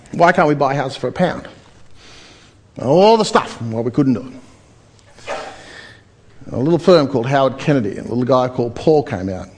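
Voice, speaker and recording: Australian male seminar speaker, energetic storyteller. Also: medium pitch. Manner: energetic, storytelling, questions to audience. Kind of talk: motivational seminar talk.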